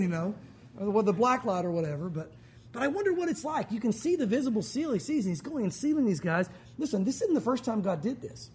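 A man's voice: high voice, expressive, fast, slight background noise. A male pastor preaching a sermon in a conversational way, with joking asides.

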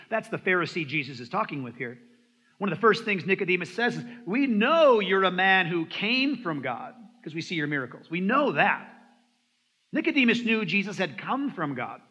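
A man preaching a sermon as pastor, emphatic, swinging between loud and soft and slowing down on key phrases. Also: fairly high pitch, breathy edge, lo-fi sound. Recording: echoey hall with long reverb.

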